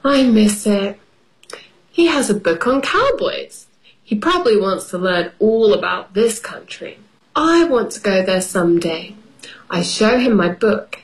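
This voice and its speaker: A woman reading a children's picture book aloud in a playful, expressive way. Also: mid-range voice, a little slow, low-quality recording. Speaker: storybook reader.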